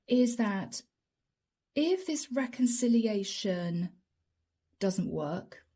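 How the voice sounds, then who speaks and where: Brief: woman, tarot reader, unhurried soft delivery, mellow tone. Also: a little high, animated. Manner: slow, soft, drawn-out delivery with whispered asides. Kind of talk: channeled tarot reading.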